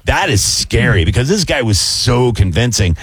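A man's voice: medium pitch, very animated, normal speed, husky, no echo. A man in casual chat, animatedly telling a story and acting out both sides of a phone call.

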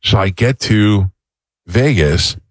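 A man with a very low voice hosts a morning radio show, rambling through stories and laughing easily. The sound is dry and close. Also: animated, takes it slowly, no echo. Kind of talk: casual morning radio chat.

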